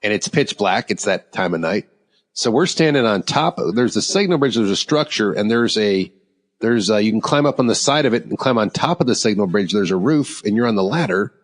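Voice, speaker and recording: Animated male podcast host in a reverberant room. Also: fairly low pitch, a little fast. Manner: animated, laughs through his stories. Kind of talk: casual storytelling chat.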